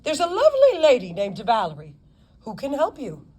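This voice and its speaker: A woman's voice: high voice, wildly swooping pitch, a little mellow, pitched above the performer's own voice, exaggerated voice. A woman voicing a polite, dapper male attorney with a British accent in an audiobook. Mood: friendly. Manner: polite, cheerfully brisk.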